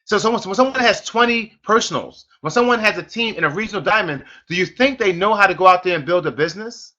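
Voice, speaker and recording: A middle-aged man with a high, forceful voice coaching his sales team on a conference call. He preaches in an emphatic, repetitive way and keeps circling back to his point. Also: lively intonation, fast, highs cut off. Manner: emphatic, repetitive, preachy, addresses listeners as folks. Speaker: network marketing team leader.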